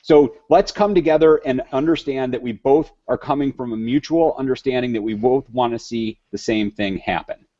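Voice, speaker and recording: A man's voice: mid-range voice, normal speed, hardly any pauses, dark tone, no echo, lo-fi sound. A man speaking earnestly on a video call panel, restarting phrases often and joking at himself. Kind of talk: casual video panel chat.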